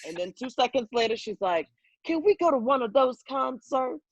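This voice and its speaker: A woman's voice: high-pitched, moderate pace, no room sound. A woman comedian telling loose, profane stories in casual chat over a video call. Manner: loose, profane, animated storytelling. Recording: dull lo-fi video call audio.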